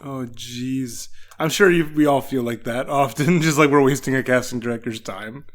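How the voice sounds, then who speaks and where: A man's voice: medium pitch, normal speed. A young adult man hosting a casual interview, easygoing and often restarting his sentences. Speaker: podcast host.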